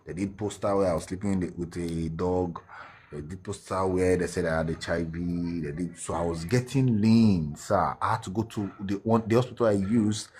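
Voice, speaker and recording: Deep-voiced Nigerian man recounting. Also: darkish tone, slight background noise. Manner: earnest, mixes Pidgin, halting restarts. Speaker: guest telling his story. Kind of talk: emotional personal testimony.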